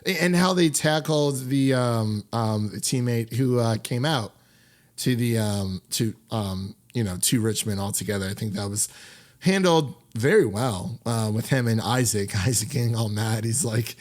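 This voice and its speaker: A man's voice: mid-range voice, measured pace. A man hosting a film podcast in casual chat, rambling and laughing often, with upbeat sign-offs. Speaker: podcast host.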